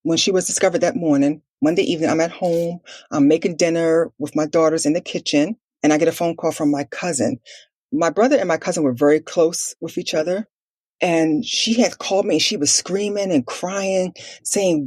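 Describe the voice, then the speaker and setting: Husky-voiced woman telling a family story. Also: lowish voice, darkish tone, no room sound. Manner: earnest, quick retelling with quoted dialogue and many "like" fillers. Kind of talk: personal storytelling in a podcast interview.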